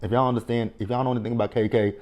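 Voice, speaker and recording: A man's voice: medium pitch, level tone, very fast, darkish tone. A man hosting a casual reality show recap, sassy and blunt, talking back to the cast and swearing freely. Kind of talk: casual commentary vlog.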